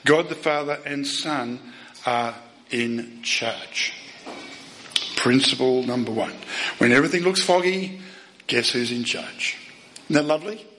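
A man preaching a sermon, emphatic, asking the listeners rhetorical questions and swinging between loud and soft. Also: medium pitch, measured pace, pauses often, slight background noise, rough recording.

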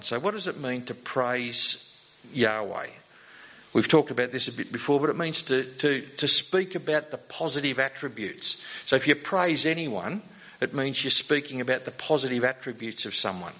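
A man's voice: mid-range voice, pushed and bright, low-quality recording. A man giving a sermon in a conversational way, often asking the congregation rhetorical questions. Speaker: preacher.

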